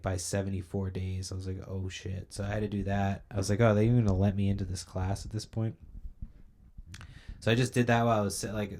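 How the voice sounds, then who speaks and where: A young man hosting a podcast, ranting in a casual, profane, rambling monologue and sounding a little sleepy. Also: low-pitched. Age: young adult. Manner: profane, ranting, loose storytelling. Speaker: podcast host.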